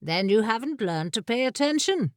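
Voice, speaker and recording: A woman's voice: on the high side, very animated, moderate pace, dry recording, studio quality. A woman voicing a self-satisfied, pompous older male wizard in an audiobook. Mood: smug. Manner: pompous, knowing, pleased with himself.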